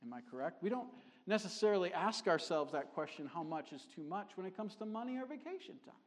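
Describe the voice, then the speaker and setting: A middle-aged man preaching a sermon as a visiting missionary, conversational and joking, growing animated as he builds a point. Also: high voice, fast. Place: church sanctuary. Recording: long hall reverb.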